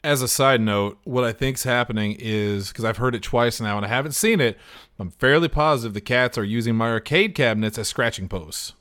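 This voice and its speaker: A man's voice: mid-range voice, brisk, a bit bright. A man playing a tabletop game, talking casually and swearing freely. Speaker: player. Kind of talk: casual chat.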